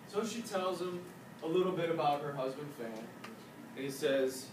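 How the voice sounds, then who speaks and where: High-voiced playful male storyteller. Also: moderate pace. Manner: animated, playful, joking asides. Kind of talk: casual spoken retelling of a legend. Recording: echoey room from a distance, faint noise.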